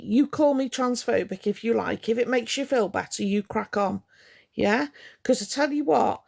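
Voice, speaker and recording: A woman's voice: medium pitch, vocal fry, a little mellow. A woman ranting on a live stream to her viewers, indignant and confrontational, hammering her points home by repeating them.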